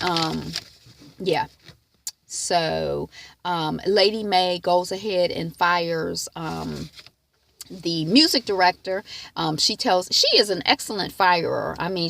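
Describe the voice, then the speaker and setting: A woman's voice: mid-range voice, creaky, fairly bright tone. A woman chatting casually through a TV episode recap from home, rambling with lots of fillers and now and then acting out the characters' lines. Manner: acts out characters' lines in quotes. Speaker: TV recap vlogger.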